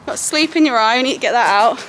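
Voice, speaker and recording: A woman's voice: on the high side, fast, a bit bright, slight background noise. A young woman filming her day at a horse yard, chatting to the camera and fondly talking to her horses. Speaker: horse rider running a yard. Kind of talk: casual vlog narration. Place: outdoor stable yard. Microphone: camera mic, no clip-on.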